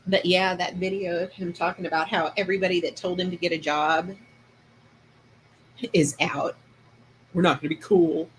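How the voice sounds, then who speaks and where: A woman's voice: on the low side, level tone, normal speed, long pauses, a little hiss or hum. An older woman and grandmother hosting a casual livestream chat, talking in a folksy drawl and laughing easily. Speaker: livestream host.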